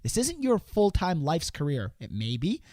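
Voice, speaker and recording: A man's voice: a little high, wildly swooping pitch, normal speed, warm tone, no room sound, clean studio sound. Rambling man coaching sales. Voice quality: rambling, repeats words and restarts, acts out quotes in a raised voice. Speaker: sales coach hosting a show. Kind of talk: casual coaching talk.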